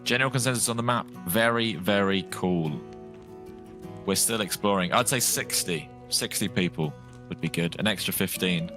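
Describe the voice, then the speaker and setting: Deep-voiced male streamer, rambling easy banter over faint game music. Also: moderate pace. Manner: chatty, rambling, lightly joking. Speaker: gaming streamer. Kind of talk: casual live gameplay chat.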